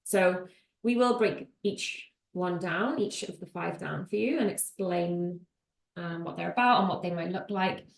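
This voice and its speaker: A woman's voice: on the low side, a little slow, vocal fry. A woman in her late twenties co-hosting a podcast, chatting casually and teasing her partner. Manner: chatty, teasing, self-deprecating. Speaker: podcast co-host. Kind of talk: casual chat. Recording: roomy echo.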